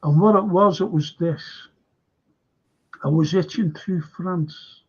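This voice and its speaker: A man's voice: on the high side, slow, husky. An older man hosting a show, telling a rambling story in casual chat and repeating himself. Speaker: host. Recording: dull lo-fi stream audio.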